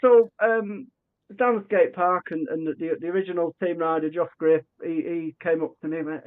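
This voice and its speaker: A man telling a story on a narrow, tinny line that sounds like a phone call. His voice sits a little high for a man, and he acts out every quoted line with lots of restarts and false starts. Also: a little fast. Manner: animated, acts out quoted dialogue, frequent restarts. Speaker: podcast guest. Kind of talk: conversational storytelling.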